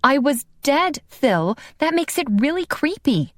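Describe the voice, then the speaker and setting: A woman doing a fiery young vampire woman, high and outraged. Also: sing-song, unhurried, no room sound, clean studio sound. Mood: indignant. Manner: sharp, outraged outbursts. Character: panicked young female vampire, fiery and indignant.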